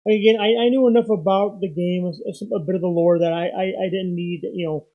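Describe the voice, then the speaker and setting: High-voiced, halting podcast co-host. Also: male voice, fairly even intonation, phone-quality sound. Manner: halting, searching for words. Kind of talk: casual podcast chat.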